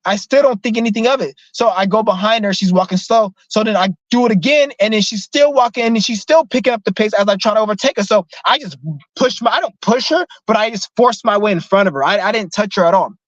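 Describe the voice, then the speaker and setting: A young man telling a profane, animated story in a casual vlog rant. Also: high-pitched, quick pace, dry recording, muffled recording. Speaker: vlogger.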